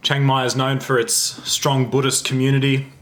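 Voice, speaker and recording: A young Australian man and holistic lifestyle coach telling a story to camera in a chatty, animated way, often restarting his sentences. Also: mid-range voice, moderate pace. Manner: animated, self-interrupting, chatty.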